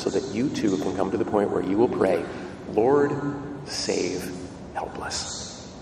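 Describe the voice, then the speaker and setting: A man, a priest, giving a sermon, with big swings in pitch and loudness and slow, stressed phrases. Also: background noise. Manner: dramatic swings in pitch and volume, slows for emphasis. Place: large church. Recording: echoey church from far off.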